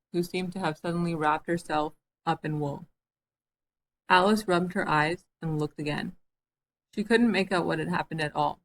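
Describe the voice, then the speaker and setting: A woman reading a classic children's story aloud as an audiobook, with a lively, expressive delivery. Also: fairly low pitch, poor audio. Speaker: audiobook reader. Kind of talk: storybook narration.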